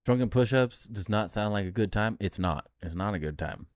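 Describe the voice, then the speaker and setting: A man's voice: low voice, moderate pace, a little mellow, no echo, studio quality. A man streaming a game live, chatting casually and joking back at his chat.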